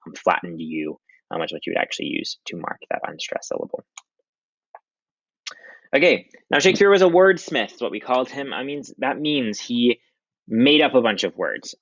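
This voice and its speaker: A young adult man, a high school English teacher, giving a casual recorded slideshow lecture with many ums. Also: fairly bright tone, dry recording. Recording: dry, dull lo-fi audio.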